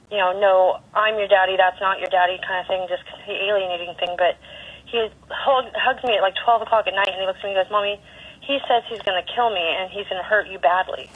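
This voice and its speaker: Upset woman on a tinny phone line. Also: mid-range voice. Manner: halting, upset, restarts often. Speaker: caller. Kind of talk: emotional personal account.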